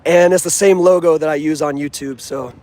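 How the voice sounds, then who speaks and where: A man's voice: a little high, fairly even intonation, fairly quick, darkish tone. A young man talking earnestly and casually about his football team, using street slang, recorded outdoors near a stadium. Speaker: sports fan vlogger. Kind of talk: casual fan vlog.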